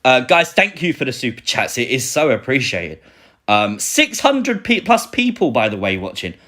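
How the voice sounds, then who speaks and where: A young man from Britain hosting a casual live stream, excitably reading out and answering viewer comments. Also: mid-range voice, moderate pace. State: recovering, a little sore.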